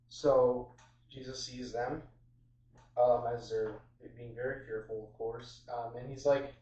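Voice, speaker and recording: A man's voice: mid-range voice, little pitch movement, takes it slowly, warm tone. A man giving an informal sermon on a Bible passage, conversational and full of fillers and restarts. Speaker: preacher. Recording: roomy, distant, dull sound.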